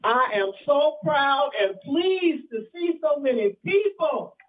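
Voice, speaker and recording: A woman's voice: high voice, expressive, slow pace, phone-quality sound, a little hiss or hum. An older woman from Alabama gives a fiery rally speech in a call-and-response preaching cadence over a public address system outdoors. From Alabama, US South. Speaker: rally speaker.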